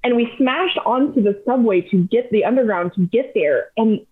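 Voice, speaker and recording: A young adult woman guesting on a podcast, telling travel stories in an animated, chatty way with plenty of fillers. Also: fairly high pitch, normal speed, husky. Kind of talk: casual storytelling chat. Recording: tinny phone-like sound.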